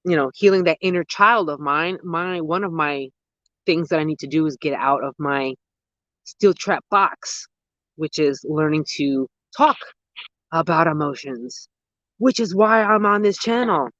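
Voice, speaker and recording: A gardening host in their thirties rambles through a casual live stream, excitable and full of slang. The voice sits close and dry against the mic. The phone audio comes through dull and muffled. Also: medium pitch, a little slow, dry recording. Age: 30s. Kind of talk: casual live-stream chat answering viewers. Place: outdoors at dusk.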